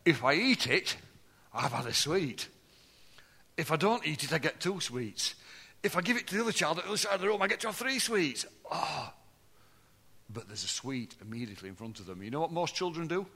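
A man preaching a sermon to a congregation, swinging between loud, lively passages and low, hushed ones. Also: fairly quick, slightly rough. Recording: long hall reverb.

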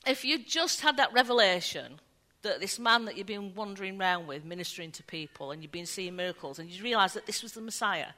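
A woman preaching a sermon, telling the story in an animated way and acting out the voices of the people in it. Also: mid-range voice, brisk. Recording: long hall reverb.

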